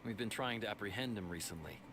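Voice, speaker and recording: A man's voice: on the low side, fast, background noise, close to an everyday voice. A man playing a stern, formal city guard. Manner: formal, briefing-like delivery. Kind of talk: video game voice acting.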